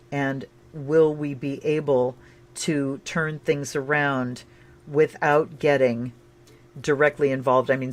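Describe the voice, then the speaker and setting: Woman, tarot and astrology reader, casual and chatty, excitable bursts. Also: extremely low pitch. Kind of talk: casual livestream tarot reading.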